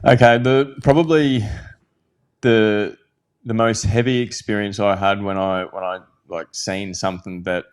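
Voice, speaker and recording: A very deep-voiced Australian man talks as a podcast guest. His story comes out candid and halting, full of restarts and swearing. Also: fairly even intonation, clear, resonant tone.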